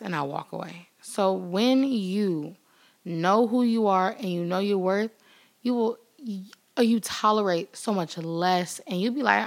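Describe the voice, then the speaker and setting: A woman talks straight to her viewers in a motivational vlog, her voice pitched in a middle range for a woman. She leans on repeated words for emphasis. She acts out the voices of the people she quotes and laughs now and then. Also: measured pace, gravelly. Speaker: vlogger. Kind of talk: motivational vlog talk to camera.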